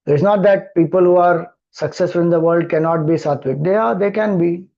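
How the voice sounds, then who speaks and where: A man's voice: high-pitched, brisk, creaky, dull audio. A man with an Indian accent, a spiritual teacher explaining scripture, who keeps repeating verses and asking rhetorical questions. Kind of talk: scripture discourse.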